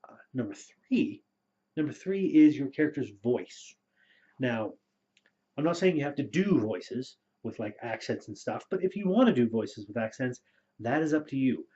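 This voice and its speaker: A man talking through role-playing tips in a relaxed, rambling way, with many fillers, as a game storyteller. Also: mid-range voice, normal speed. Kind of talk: casual spoken advice video. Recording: dull lo-fi recording.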